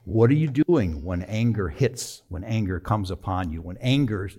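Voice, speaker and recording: Middle-aged guy preaching, lowish voice, goes quiet then gets emphatic telling his story. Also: expressive, moderate pace, breathy edge. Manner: personal story told with emotion, swings from quiet to emphatic. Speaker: pastor. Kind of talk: sermon.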